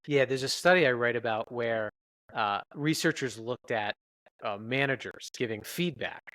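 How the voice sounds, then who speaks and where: A man's voice: medium pitch, normal speed, pushed and bright, no echo, rough recording. A man, a researcher guest on a podcast interview, explaining his work in an earnest, explanatory way.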